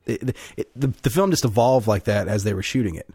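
A man's voice: on the low side, brisk, dark tone, breathy edge, no echo, faint music behind. A man co-hosting a casual movie podcast, rambling loosely and quoting scenes. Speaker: podcast co-host.

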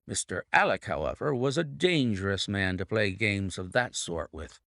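Brilliant detective laying out his reasoning, low and expressive, read by a male narrator. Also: normal speed, vocal fry, no room sound, studio quality. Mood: explaining. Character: Sherlock Holmes, brilliant male detective explaining. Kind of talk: audiobook reading.

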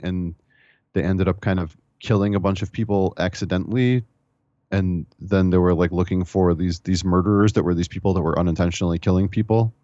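A man's voice: low voice, a little mellow, no room sound, dull audio. A man casually reviewing movies on a podcast, rambling and enthusiastic, with some swearing. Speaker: podcast co-host.

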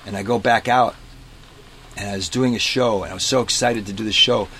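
A man being interviewed about his life as a street performer, telling stories in a relaxed, casual way and acting out the people in them. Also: fairly low pitch, brisk, a little hiss or hum. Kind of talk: casual storytelling. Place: inside a parked vintage bus.

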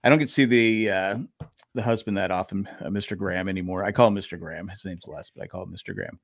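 A man's voice: low voice, steady tone, quick pace. An older man, a podcast co-host, telling rambling stories in casual chat, swearing and putting on voices for the people in them. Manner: rambling storyteller who swears and acts out neighbors' voices.

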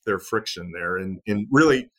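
A man's voice: low voice, normal speed, fairly bright tone. A man, a guest author, explaining military history in a conversational interview, with frequent fillers and restarts. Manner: many fillers and restarts, storytelling with acted quotes.

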